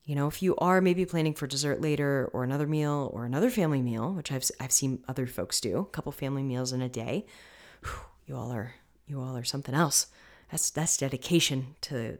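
A woman's voice: a bass voice, fairly quick, darkish tone. A woman coaching listeners on mindful eating in a chatty, encouraging way, with many "you know"s. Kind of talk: casual advice talk to listeners.

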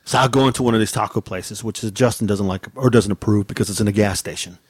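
A man co-hosting a casual chat show, telling a story in an animated way, swearing freely and acting out his own angry outbursts. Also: on the low side, quick pace, breathy edge, no room sound. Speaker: podcast co-host telling a story.

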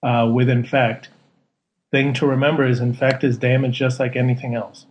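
Male co-host, mid-pitched, easygoing, jokey, long explanations, faint hiss behind. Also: little pitch movement, moderate pace, muffled recording. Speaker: podcast co-host. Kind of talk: casual podcast chat.

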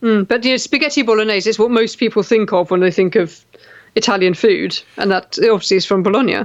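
A woman's voice: mid-range voice, fast. A woman from England co-hosting a casual radio chat, teasing and chatty. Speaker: radio show co-host. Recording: dull lo-fi sound.

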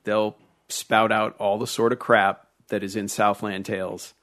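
A man's voice: on the low side, flat delivery, unhurried, a bit bright. A man co-hosting a casual film review chat, ranting bluntly and swearing freely. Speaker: podcast co-host.

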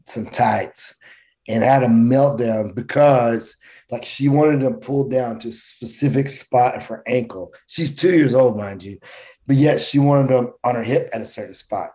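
Mellow-voiced male coach chatting candidly. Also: mid-range voice. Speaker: guest coach. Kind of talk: casual chat.

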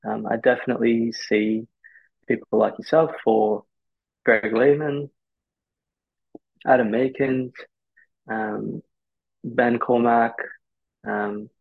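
A man's voice: mid-range voice, vocal fry, slightly rough, dry recording. A man in his twenties, a physiotherapist guest on a podcast, answering thoughtfully with hesitant restarts. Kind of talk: candid podcast interview answers. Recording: dull lo-fi podcast audio.

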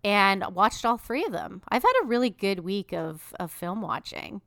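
A woman's voice: mid-range voice, normal speed, gravelly, a bit bright, dry recording, studio quality. A woman co-hosting a film podcast, chatting casually with many fillers. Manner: chatty, lots of fillers and likes. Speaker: podcast co-host. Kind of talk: casual chat.

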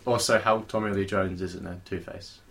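Dry-witted lowish man. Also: steady tone, moderate pace, a bit bright. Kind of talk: casual chat.

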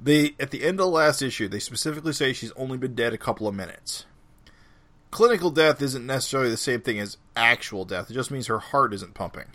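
A man's voice: mid-range voice, animated, fast talker, sharp tone. A man co-hosting a podcast, arguing his point carefully and adding context. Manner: explanatory, argues his point with detail. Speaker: podcast co-host. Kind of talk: casual chat.

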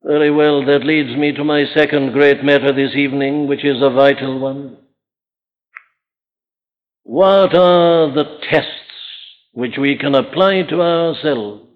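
A man's voice: mid-range voice, a little slow, long pauses. A man preaching a sermon, earnest and emphatic, asking his listeners rhetorical questions. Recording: tinny narrow-band archive recording.

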